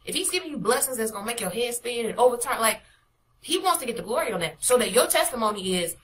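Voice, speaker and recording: A woman's voice: fairly high pitch, expressive, quick pace, a little hiss or hum, rough recording. A young adult woman, a prophetic minister, preaching an informal devotional with emphatic, repetitive exhortations.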